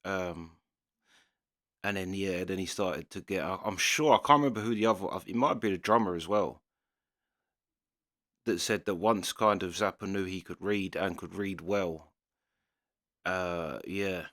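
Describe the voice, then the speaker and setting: Man, low voice, bright tone, dry close sound, hesitant musing commentary. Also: unhurried, pauses often, no room sound. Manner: thinking aloud, hesitant, restarting sentences. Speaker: reaction channel host. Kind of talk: casual commentary.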